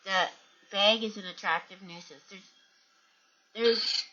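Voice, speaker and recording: A woman's voice: mid-range voice, fairly even intonation, slow, sharp tone, muffled recording, slight background noise. A woman hosting a parrot channel, chatting casually at home with her birds and reading viewer comments.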